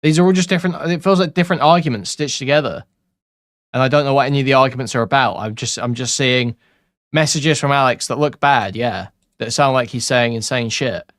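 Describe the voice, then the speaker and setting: Man, mid pitch, dry close sound, casual profane commentary reader. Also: a little fast, a bit bright, no room sound. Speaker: commentary youtuber. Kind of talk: reading and reacting to messages.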